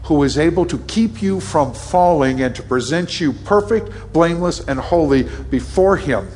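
A man's voice: fairly high pitch, animated, a little mellow, slight background noise. A middle-aged man preaching a sermon in earnest, leading a prayer and acting out Bible scenes. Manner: earnest, acts out Bible scenes in quick voices. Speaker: pastor. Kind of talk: sermon with altar call and prayer.

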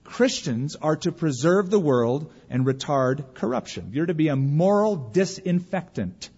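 A man preaching a sermon as pastor, emphatic, slowing for weight and dropping to a hush at the ends of phrases. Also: a little high, breathy edge. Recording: dull lo-fi recording.

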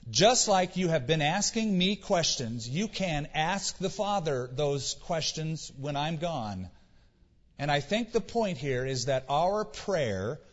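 A man preaching a sermon in a casual, conversational way, acting out quotes with mock voices. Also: on the high side. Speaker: pastor. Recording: dull sound with long hall reverb.

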